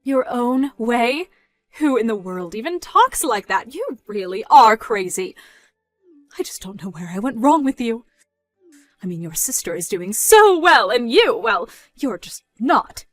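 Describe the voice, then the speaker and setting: Woman doing a domineering, mocking middle-aged mother; high, dry, close-miked story read. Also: very animated, unhurried, no echo. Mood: scornful. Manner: mocking, loud, rising in pitch when scolding. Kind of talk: dramatized story narration.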